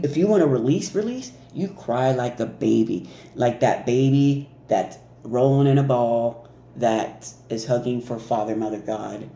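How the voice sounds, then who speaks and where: A man giving a casual, animated spiritual card reading, laughing and mimicking reactions as he goes. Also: mid-range voice, gravelly. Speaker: oracle card reader. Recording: echoey room with faint noise.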